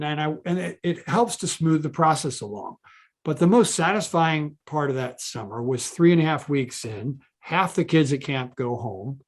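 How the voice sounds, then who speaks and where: Animated man telling a story. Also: mid-range voice. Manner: animated, many restarts, quotes others in his own voice. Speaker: child behaviorist guest. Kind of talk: conversational interview storytelling.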